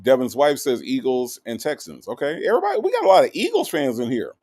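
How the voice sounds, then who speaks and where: A man hosting a casual livestream, reading out viewer comments and greeting them one by one in a teasing, animated way. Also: mid-range voice, fast. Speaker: livestream host.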